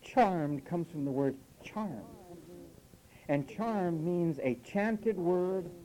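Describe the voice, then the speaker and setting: Speaking extremely slowly in a high-sitting voice, a man preaches a sermon captured in low quality. He is emphatic, with lively rises and drops, and frequently quotes listeners by putting on mock voices.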